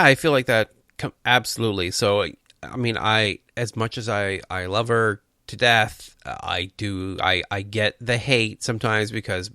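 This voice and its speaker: A man's voice: fairly low pitch, bright, forceful tone, clear, resonant tone, no room sound, studio quality. A man co-hosting a casual podcast, talking earnestly and with enthusiasm in bursts, with restarts. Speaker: podcast co-host.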